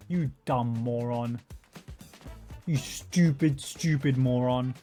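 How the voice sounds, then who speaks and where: A man's voice: medium pitch, moderate pace, darkish tone, faint music behind. A man giving a profane, mocking commentary rant over interview clips. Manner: mocking, profane, does sarcastic impressions. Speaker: YouTube commentator.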